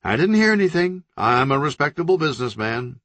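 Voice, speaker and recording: A man's voice: fairly high pitch, sing-song, brisk, a bit bright, dry recording, pitched above the performer's own voice. A man voicing a smarmy, self-satisfied male celebrity businessman with a glib, oily way of talking.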